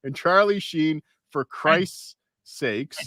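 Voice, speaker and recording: A man co-hosting a casual podcast, reading posts aloud in a wry, deadpan way. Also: on the high side, takes it slowly, dry recording, clean studio sound. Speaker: podcast co-host.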